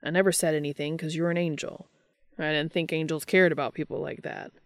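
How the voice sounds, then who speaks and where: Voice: medium pitch, steady tone, fairly quick, no room sound, studio quality, lightly acted. A reader voicing a cocky adult man who talks casually and teases, in a fan fiction audiobook reading. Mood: teasing. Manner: casual and teasing. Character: cocky, joking adult male hunter.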